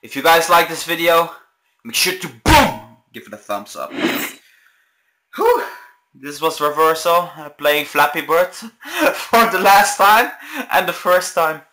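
A young man hosting a gaming video, raging and yelling in frustration, slow and exasperated between outbursts of laughter. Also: fairly high pitch, big pitch swings, poor audio. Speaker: gaming channel host. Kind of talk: gaming commentary.

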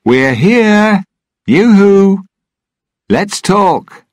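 A man's voice: lowish voice, very animated, measured pace, breathy edge, dry recording, studio quality, pitched above the performer's own voice, heavily acted. A man voicing a cocky, carefree male pirate captain, playful and teasing, in a storybook reading. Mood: calling out.

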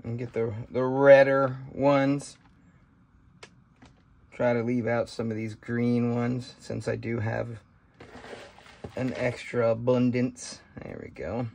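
Slow and creaky, this medium-pitched male voice keeps a fairly even intonation over slight background noise. A homesteading vlogger, he casually shows how to harvest and prepare berries, folksy and rambling, thinking aloud with many fillers and asides. The scene is outdoors by trees, later a kitchen.

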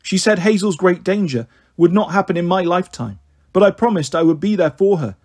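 Man voicing an elderly great-grandfather, dreamy and tender, a little husky. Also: high-pitched, fairly quick, a little mellow. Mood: wistful.

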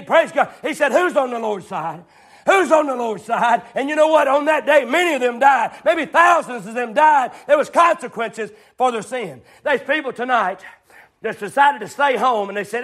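A preacher in middle age delivers a fiery sermon in a strikingly high, piercing voice. He talks in a folksy way, circles back to the same refrains, and rises into shouts.

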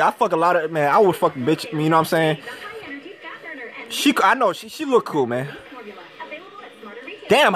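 A young man from Minnesota talks to his viewers through a phone camera, slangy and swearing, circling back to the same points. His voice sits fairly high for a man, and a TV plays faintly in the room. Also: fairly bright tone. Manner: slangy, swearing, rambling, repeating himself. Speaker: livestreamer. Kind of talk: casual livestream chat with viewers. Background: faint TV audio.

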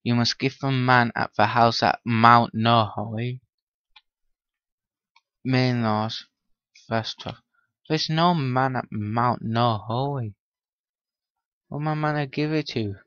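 A man talks slowly through a game session, muttering to himself and needling the characters on screen. His voice sits at a middling pitch. The recording is dull and lo-fi, with a dry, close sound. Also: a bit bright, clear, resonant tone, no echo. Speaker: gaming channel host. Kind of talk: Minecraft let's-play commentary.

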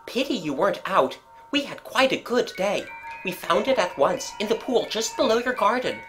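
A brisk, hearty country neighbour woman, as a reader puts her on, chatty and brisk in a storybook reading. Her voice is lively and a little higher than the narration. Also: music in the background, lightly acted.

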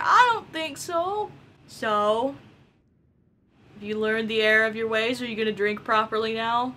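A young woman casually commenting on a game she is playing, excitable and giggly, swearing often. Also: on the high side, measured pace, pauses often, slight background noise. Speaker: gameplay commentator. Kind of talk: casual let's-play commentary.

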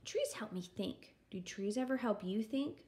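A woman's voice: mid-range voice, expressive, unhurried, a little mellow, natural voice. A woman doing a curious, chatty little girl. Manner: artless, questioning, cheerfully persistent.

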